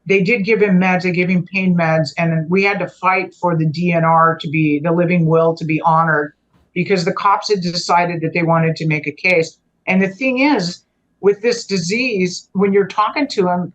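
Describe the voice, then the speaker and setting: Halting woman recounting a family story. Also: on the low side, highs cut off. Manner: halting, with frequent restarts and trailing phrases. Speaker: guest telling a personal story. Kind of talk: conversational storytelling.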